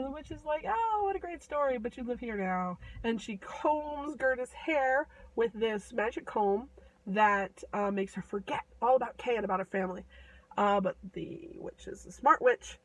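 A woman's voice: fairly high pitch, low-quality recording. Chatty woman telling a fairy tale. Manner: chatty, animated, playful asides, quick character voices. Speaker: storyteller. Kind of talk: casual fairy-tale retelling.

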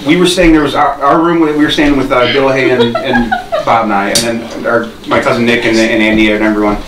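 A man's voice: mid-range voice, steady tone, a little fast. Podcast co-host, male, loose rambling storyteller, roomy distant sound. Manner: rambling, laughing storyteller with restarts. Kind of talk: casual storytelling. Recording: roomy, distant mic with faint noise.

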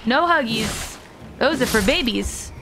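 A woman's voice: a little high, expressive, unhurried, over music. A young woman streaming a video game, chatting casually with her audience, joking around and swearing freely. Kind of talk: casual live-stream commentary.

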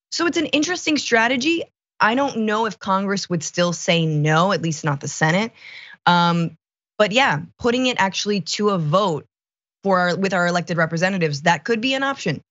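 A woman co-hosting a political commentary show, talking in an animated, sarcastic way with quick asides. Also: mid-range voice, dry recording, muffled recording.

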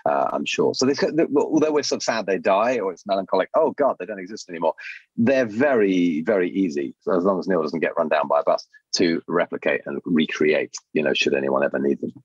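A man, a puppeteer and voice artist, chatting as a podcast guest, telling stories in a lively way over a video call. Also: very deep voice, slightly rough, no echo. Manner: lively, animated storytelling with quick voice changes. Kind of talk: casual interview chat. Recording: dull lo-fi dry sound.

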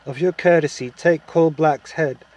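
A man's voice: on the high side, fairly even intonation, unhurried, darkish tone, pitched above the performer's own voice, lightly acted. Stern young prince with old-fashioned courtly talk, man reading it, a bit raised and firm. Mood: commanding.

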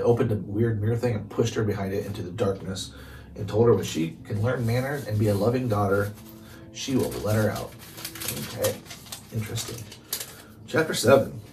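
A man reads a chapter book aloud in a relaxed, chatty way and stops now and then to recap the story. His pitch is mid-range. The mic is set back from him and picks up faint hiss. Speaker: reader. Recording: distant mic with faint noise.

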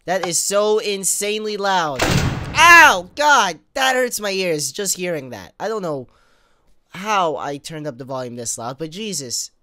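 Excitable young man, bright lively voice. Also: a little high, moderate pace. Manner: excitable, talks to viewers, complains at the game. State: fits of sneezing and coughing. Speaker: gamer. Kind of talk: let's play commentary.

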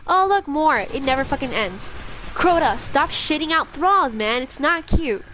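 A woman's voice: sits high, expressive, normal speed, noisy background. A young woman streaming a video game, cursing, panicking and taunting enemies as she plays. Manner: profane, jumpy, talks back to enemies. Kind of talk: live gameplay commentary.

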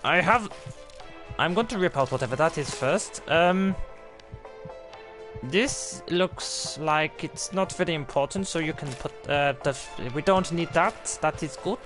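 A man's voice: a little high, lively intonation, a little slow, fairly bright tone, faint music behind. A man giving playful, rambling commentary on a live game stream, talking like a clumsy surgeon and often restarting his sentences.

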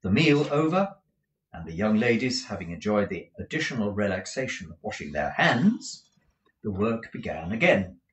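A man with a fairly low voice reads a classic novel aloud. He often trips over words and goes back to correct himself as he goes. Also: sing-song, normal speed, slight background noise, low-quality recording. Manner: frequent restarts and self-corrections. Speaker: audiobook reader.

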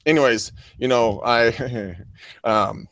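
A man's voice: mid-range voice, takes it slowly, fairly bright tone. Rambling, swearing male podcast co-host. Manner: rambling storyteller, swears freely, laughs a lot. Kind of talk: casual chat.

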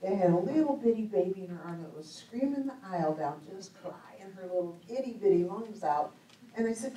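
A woman tells stories from the pulpit in a chatty, humorous way, breaking into laughter as she goes. Her voice sits at an ordinary pitch for a woman. It rings through a roomy church hall, picked up from some distance. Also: lively intonation, a little fast, mellow. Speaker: speaker at a church conference. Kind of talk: storytelling sermon talk. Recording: echoey hall, mic at a distance.

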